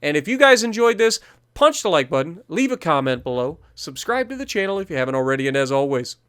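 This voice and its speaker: A man's voice: fairly high pitch, big pitch swings, quick pace, a bit bright, clean tone. Man coaching through a naval game match. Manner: explanatory, coaching, repeats key points. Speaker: gaming channel host. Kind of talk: gameplay commentary over recorded match.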